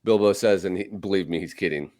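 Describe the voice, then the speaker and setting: A man's voice: deep voice, fast, darkish tone. A man hosting a podcast, chatting casually and rambling with lots of fillers and restarts. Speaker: podcast host. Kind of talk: casual chat about movies.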